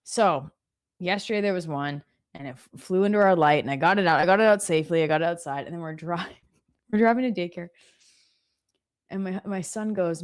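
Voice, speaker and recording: A woman's voice: lowish voice, a little fast. A woman in her thirties co-hosting a live stream, chatting casually and telling funny family stories with frequent laughter. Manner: chatty storyteller, laughs often. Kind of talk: casual chat.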